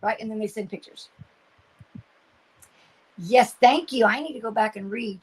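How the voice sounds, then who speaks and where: A woman's voice: on the high side, moderate pace, a little mellow, husky, rough recording. An older woman, hosting a casual craft livestream, chatting and reading viewer comments as she works. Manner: chatty, reads viewer comments aloud, trails off searching for words.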